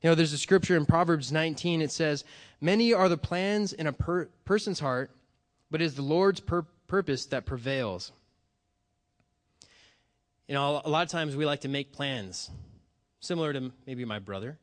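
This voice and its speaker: Male pastor, sermon delivery, earnest, halting restarts, slightly raised pitch.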